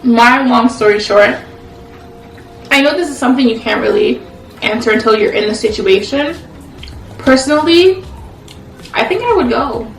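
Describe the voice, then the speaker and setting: Chatty woman with vocal fry. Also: a little high, moderate pace, pauses often, faint music behind. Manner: chatty, full of "like" fillers. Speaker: co-host of a couple's channel. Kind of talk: casual relationship chat over a meal. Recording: echoey room, mic at a distance.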